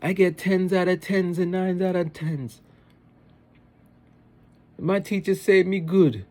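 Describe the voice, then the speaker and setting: A man's voice: sits high, fairly even intonation, takes it slowly, warm tone, pitched above the performer's own voice. A man voicing a cheeky, sassy little boy with a put-on Jamaican accent.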